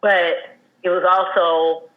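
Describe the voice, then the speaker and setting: A woman in her thirties, a guest telling her own story in a candid, halting way, with many fillers and restarts. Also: lowish voice, little pitch movement, narrow, tinny audio. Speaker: guest sharing a personal loss story.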